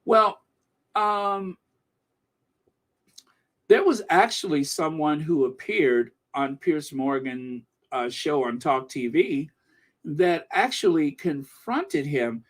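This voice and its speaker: Excitable, chatty male stream host. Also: fairly high pitch, slow pace. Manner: chatty and excitable, laughing often. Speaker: channel host and commentator. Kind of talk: casual live-stream commentary reading news and viewer comments.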